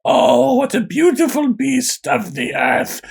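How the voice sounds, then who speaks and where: A man's voice: very high voice, sing-song, slow, gravelly, breathy edge, voice pushed up, heavily acted. A man voicing a sweetly sinister old lady who speaks in a syrupy, mock-tender way. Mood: saccharine menace.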